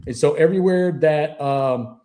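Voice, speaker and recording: Guy, mellow voice a bit high, swears a lot telling cop stories over a call. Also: moderate pace. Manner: salty, profane anecdote-telling. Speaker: guest author, retired police officer. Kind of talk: casual storytelling interview.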